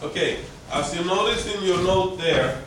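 A man teaches a language class, patiently drilling words aloud and quizzing his students. His high-sitting voice has lively intonation at a normal speed, picked up from afar by a distant mic in an echoey classroom with background noise.

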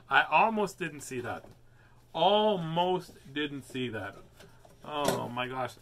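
A man's voice: on the high side, expressive, unhurried, gravelly, fairly bright tone, slight background noise. An older man hosting a live picture-book reading, playful and chatty, easily amused as he talks to his viewers. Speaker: host reading picture books aloud. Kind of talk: live read-aloud stream.

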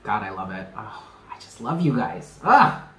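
A man's voice: on the low side, animated, moderate pace, roomy sound, slight background noise, low-quality recording. A man giving a casual tarot reading to camera, talking in an emphatic, chatty way and repeating himself with slangy asides. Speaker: tarot reader.

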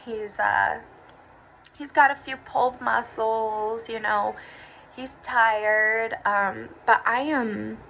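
A woman's voice: a little high, steady tone, slow, vocal fry. A young woman giving a casual, emotional personal update as a vlogger, gushing and teary, with many fillers. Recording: dull lo-fi audio with faint hiss.

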